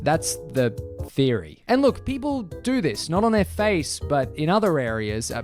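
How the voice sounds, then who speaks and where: Wry man narrating commentary. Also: a little high. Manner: incredulous, wry.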